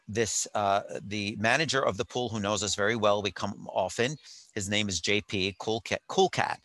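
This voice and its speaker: A man's voice: fairly low pitch, bright, forceful tone, dry recording. A man telling a rambling story in casual chat, with wry jokes, from a hotel while on vacation. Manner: chatty, rambling, wry asides.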